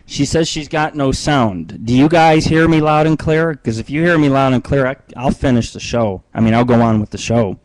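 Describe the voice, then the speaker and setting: A man's voice: mid-range voice, moderate pace, hardly any pauses, dry recording, low-quality recording. A man hosting a live internet radio show from home, rambling and profane, with many fillers and restarts, talking into a computer mic on a webcam stream. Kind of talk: crude casual live-stream talk.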